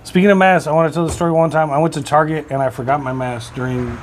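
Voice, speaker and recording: High-voiced man telling crude jokes. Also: fairly even intonation, fast. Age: 40s. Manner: laughs at his own jokes, tells crude jokes with voices. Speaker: podcast co-host. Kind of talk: casual chat.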